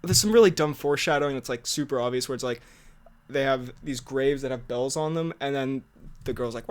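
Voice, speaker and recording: A podcast co-host rambles and laughs as he tells stories in casual chat, animated throughout. His voice is medium-pitched and a little fast.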